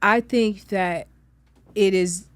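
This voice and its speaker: A middle-aged woman talks with earnest conviction in a heartfelt studio conversation. Her voice sits at a middle pitch, and the dry studio sound keeps it close. She grows emphatic and tender when she comforts someone. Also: fairly even intonation, slow pace, dry recording. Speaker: guest actress. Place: studio with audience.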